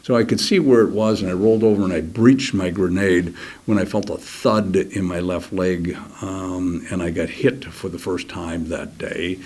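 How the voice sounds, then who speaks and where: An older man telling a personal war story in an interview, halting and restarting, sometimes dropping to a near whisper. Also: low voice, steady tone, darkish tone, breathy edge. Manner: halting, many restarts, drops to a near whisper at key moments; acts out other soldiers' words in quick quoted voices. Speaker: interview guest.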